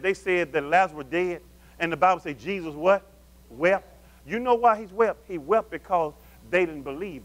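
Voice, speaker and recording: A male pastor with a high voice calls out through a sermon, asking his congregation questions in call-and-response style. He shifts back and forth between loud, emphatic calls and low murmurs.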